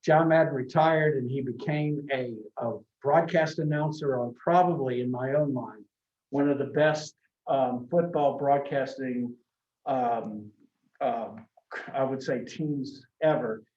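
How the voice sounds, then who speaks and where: A man's voice: mid-range voice, steady tone, measured pace, darkish tone. Man lecturing in an echoey classroom. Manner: conversational, anecdotal, frequent restarts. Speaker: college marketing instructor. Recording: echoey classroom from a distant mic, dull sound.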